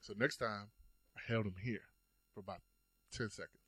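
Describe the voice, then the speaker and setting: A man chatting casually as a podcast guest, telling stories with lively energy and acting out the quotes. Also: fairly low pitch, normal speed, no echo. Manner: animated storytelling, acts out quotes. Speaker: guest storyteller.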